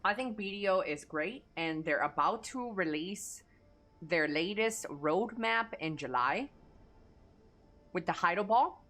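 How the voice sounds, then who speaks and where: A woman's voice: lowish voice, expressive, unhurried, a bit bright. A young woman streamer chatting casually with her live chat, reading messages aloud, answering offhand and swearing freely.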